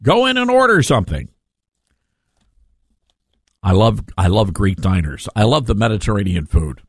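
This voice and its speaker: A man hosting a talk radio show, giving casual opinion commentary in an animated, sarcastic way with rambling asides. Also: fairly low pitch, normal speed, slightly rough, dry recording, studio quality.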